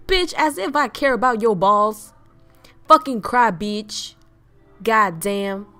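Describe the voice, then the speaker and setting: A woman's voice: fairly high pitch, animated, takes it slowly, pushed and bright, faint music behind. A woman streaming casual chat as a VTuber, ranting bluntly with lots of swearing, laughing and answering chat messages.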